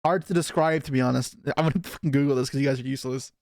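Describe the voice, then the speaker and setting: A man's voice: medium pitch, fairly even intonation, a little mellow, dry recording, studio quality. A young man chatting casually on a live stream as he opens trading card packs and answers his chat. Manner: chatty, reacting to chat, quick asides.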